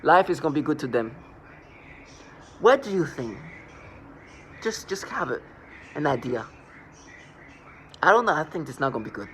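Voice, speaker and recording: Guy ranting on his vlog, kinda high voice, keeps tripping over words, a little background hiss. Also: sing-song, normal speed, long pauses, a bit bright. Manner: agitated, scornful, repeats and restarts words. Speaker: vlogger. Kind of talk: rambling personal monologue.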